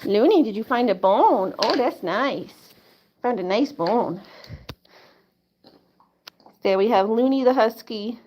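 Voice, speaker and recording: A woman's voice: fairly high pitch, animated, takes it slowly, pauses often, noisy background. Chatty woman livestreaming with her pets. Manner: chatty, lots of "like" and laughs, coos to pets. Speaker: livestream host. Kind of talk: casual live-stream chat with viewers and pets. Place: home, indoors. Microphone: phone or webcam camera.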